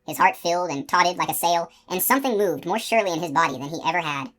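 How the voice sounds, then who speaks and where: A woman narrating a fantasy novel aloud in a steady, expressive reading voice. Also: on the low side, fast. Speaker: audiobook narrator. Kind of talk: scripted narration.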